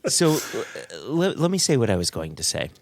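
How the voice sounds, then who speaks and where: A middle-aged man co-hosting a podcast in casual chat, telling stories in an animated way and laughing at himself. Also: medium pitch, normal speed, no room sound, clean studio sound. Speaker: podcast co-host.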